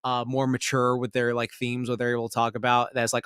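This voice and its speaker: A man's voice: medium pitch, lively intonation, fairly quick, hardly any pauses, a bit bright, smooth, no room sound, clean studio sound. A man co-hosting a podcast, giving a casual, rambling review full of fillers and swearing. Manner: rambling, profane, many fillers, bursts into heated outrage. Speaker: podcast co-host.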